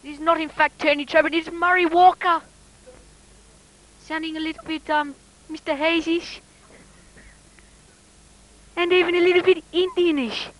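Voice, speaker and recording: A man putting on an impression of an excitable older male racing commentator, high and sing-song, drifting into other accents. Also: very slow, pauses often, exaggerated voice, poor audio. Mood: giddy.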